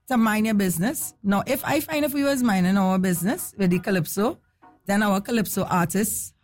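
A woman hosting a call-in radio talk show, animated and opinionated, firing off rhetorical questions. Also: fairly high pitch.

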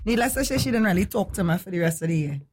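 A woman's voice: medium pitch, lively intonation, racing, a little mellow, husky. A woman hosting a radio call-in show, teasing callers and telling her own stories in casual chat. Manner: playful, teasing, storytelling.

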